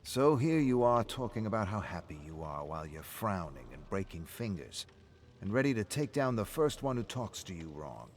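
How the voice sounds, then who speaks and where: A man voicing a calm, wry pub-owner friend who needles with dry, steady remarks. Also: fairly low pitch, moderate pace, slight background noise.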